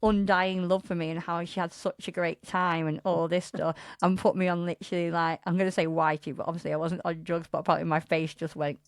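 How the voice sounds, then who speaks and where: A woman in her thirties on a podcast, telling a dating story in casual chat and acting out quotes loudly with laughter. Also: a little fast, few pauses, dry recording, studio quality. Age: 30s. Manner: animated, laughing, acts out quotes in a loud high voice. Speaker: podcast co-host.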